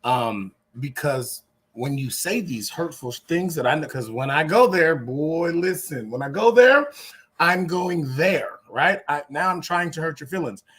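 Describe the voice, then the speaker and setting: A man in his forties talking in a casual panel, emphatic, swinging between loud bursts and quiet asides. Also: lively intonation, a little slow, breathy edge. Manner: emphatic, swings from loud to low, restarts a lot. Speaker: podcast co-host.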